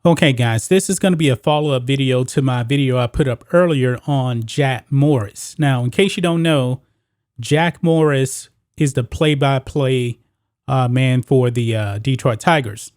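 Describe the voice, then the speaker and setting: A man's voice: medium pitch, a little slow, darkish tone, no room sound, clean studio sound. A man hosting his own sports commentary video, talking straight to viewers and reading news quotes aloud.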